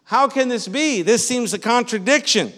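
A man's voice: very high voice, lively intonation, normal speed, a bit bright. A man preaching a sermon as pastor, in a conversational style that often stops to ask the congregation "Amen?" and repeats phrases as he goes. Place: church sanctuary. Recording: reverberant church hall.

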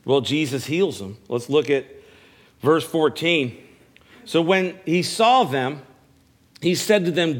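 A man's voice: on the high side, animated, slow pace, long pauses. A male pastor preaching a sermon at a church service, asking his listeners questions and repeating his key phrases. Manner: preaching with call-and-response questions; repeats phrases, stammers on restarts.

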